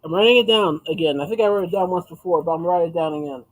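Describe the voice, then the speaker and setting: A chatty man hosting a relaxed livestream, his voice pitched notably high. He reads viewers' comments aloud and answers them with easy laughter in a loose, conversational way. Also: rapid-fire, rough recording. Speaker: livestream host. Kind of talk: casual livestream chat.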